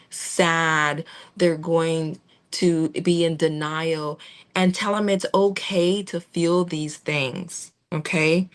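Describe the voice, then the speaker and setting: A woman giving a gentle, reassuring training talk to veterinary staff, with fillers and restarts. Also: on the low side. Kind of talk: instructional talk on client communication.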